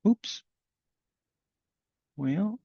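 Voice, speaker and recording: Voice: very slow, mellow, dry recording, highs cut off. An event host giving casual, hesitant introductions to readers on a video call.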